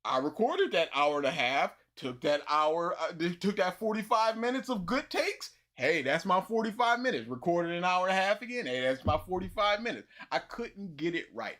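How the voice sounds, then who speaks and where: A man hosting a casual livestream, telling a long story with lots of repetition and animated emphasis. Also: sits high, normal speed, hardly any pauses.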